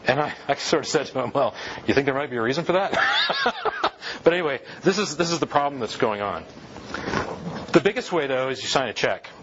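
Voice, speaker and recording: A man's voice: medium pitch, muffled recording, slight background noise. A man giving a classroom lecture on church history, talking conversationally and firing rhetorical questions at his listeners.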